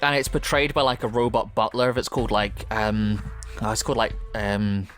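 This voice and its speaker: A man's voice: lowish voice, little pitch movement, moderate pace, a bit bright, faint music behind. A man giving chatty, rambling commentary while playing a game. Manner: chatty, rambling, many fillers. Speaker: gaming video host. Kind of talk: let's-play commentary, reading game dialogue aloud.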